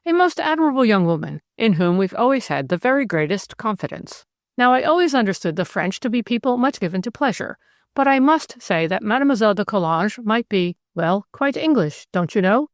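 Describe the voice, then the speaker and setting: A woman's voice: medium pitch, very animated, fairly quick, no echo, clean studio sound. A woman voicing a genteel older male country vicar who speaks earnestly and exclaims easily. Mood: fussy.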